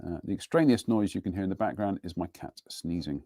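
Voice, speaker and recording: A man's voice: low voice, lively intonation, fast, warm tone, dry recording, studio quality. A middle-aged man hosting a live model-building broadcast from his home workbench, chatting in a rambling, self-deprecating way. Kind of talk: casual live demonstration and chat.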